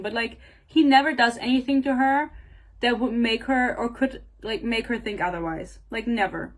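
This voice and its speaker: A woman's voice: fairly high pitch, moderate pace, rough recording. A young woman giving a casual, sarcastic book rant at home, swearing bluntly and using lots of filler words. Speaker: book reviewer.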